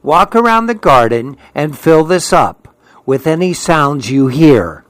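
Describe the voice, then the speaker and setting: Man playing old grandmother, playful, gentle, bossy at times, raised pitch, storybook. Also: big pitch swings, measured pace, no room sound. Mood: coaxing.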